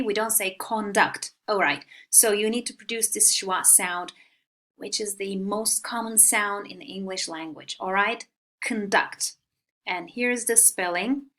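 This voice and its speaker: A woman teaching English vocabulary in a recorded online lesson, speaking clearly and drilling pronunciation. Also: medium pitch, pushed and bright.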